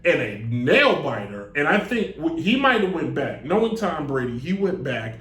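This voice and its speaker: A man's voice: on the high side, big pitch swings, moderate pace, fairly bright tone. A man hosting a live sports talk show, rambling and joking with lots of digressions into a desk mic. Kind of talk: casual live show monologue. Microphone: desk mic on a stand. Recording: echoey room.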